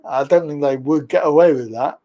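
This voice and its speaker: Bloke co-hosting, teasing and laughing a lot, fairly high voice. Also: male voice, a little fast, mellow, muffled recording. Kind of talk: casual chat.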